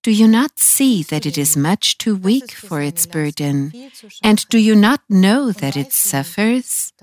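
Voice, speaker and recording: A woman's voice: medium pitch, animated, a little mellow. A woman reading as a solemn, sorrowful holy teacher. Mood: reproachful. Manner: solemn, reproachful, measured. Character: gentle, sorrowful male teacher and healer.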